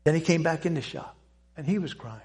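An older man telling a personal testimony to a church audience, speaking in an earnest, halting way with pauses and restarts. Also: fairly high pitch, animated, a little mellow. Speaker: Christian speaker giving a testimony.

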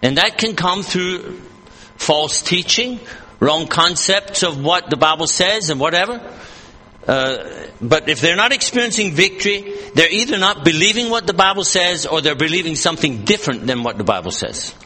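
A male preacher with a high, bright, sharp voice that swings widely in pitch, delivering an earnest, emphatic sermon. He repeats and rephrases his points as he reads scripture, heard with a long echo from a church hall. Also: lively intonation, moderate pace. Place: church service.

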